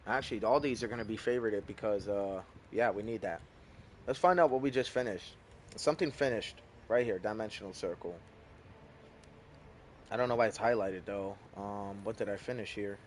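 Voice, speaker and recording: A man's voice: on the low side, normal speed, slight background noise. Casual young man talking over gameplay. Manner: relaxed, chatty, thinks aloud, swears casually. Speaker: gaming YouTuber.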